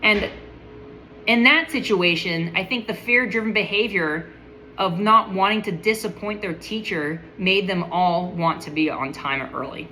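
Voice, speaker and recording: A woman's voice: mid-range voice, a little slow, pushed and bright, a little hiss or hum, rough recording. A woman speaking in a casual, enthusiastic monologue, full of admiration and often restarting her sentences.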